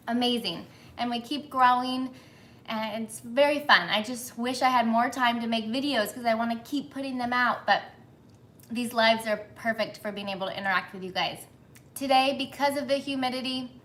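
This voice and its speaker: A woman's voice: a little high, a bit bright. Chatty woman hosting a baking livestream. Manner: chatty, apologetic, reads comments aloud. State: sweating in humid kitchen, flustered. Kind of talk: casual live chat, greeting viewers. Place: home kitchen.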